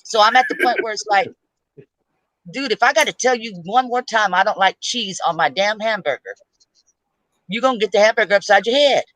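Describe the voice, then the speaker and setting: Blunt high-voiced middle-aged man. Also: a little fast, pushed and bright, no echo, low-quality recording. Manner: blunt, plain-spoken, repeats himself. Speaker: panelist. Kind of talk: casual panel talk.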